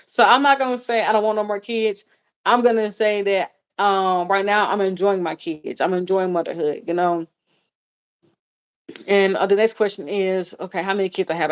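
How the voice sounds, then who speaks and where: A woman in her thirties, a vlogger answering viewer questions in a casual live chat, talking candidly with lots of fillers and repeats. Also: mid-range voice. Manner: candid and chatty, with frequent fillers and swearing; rambling, repeats herself.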